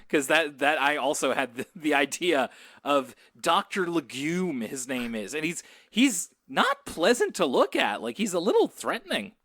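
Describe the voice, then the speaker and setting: A man's voice: fairly high pitch, sing-song, measured pace, sharp tone, no echo, clean studio sound. A man co-hosting a podcast, recapping a cartoon in rambling, chatty talk and laughing easily. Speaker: podcast co-host. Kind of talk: casual chat recapping a cartoon.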